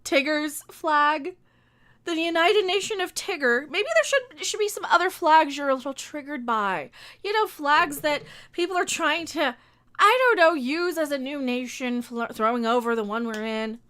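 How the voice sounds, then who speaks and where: A woman's voice: high voice, expressive, normal speed, a bit bright. A woman streamer ranting sarcastically through a live reaction stream, talking back at the video and sometimes tripping over her words.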